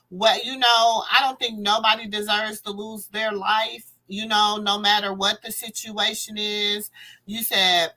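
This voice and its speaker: Slow-talking woman, bright voice. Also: a little high, rough recording. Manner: chatty, rambling with many fillers. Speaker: livestream host. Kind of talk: casual commentary livestream.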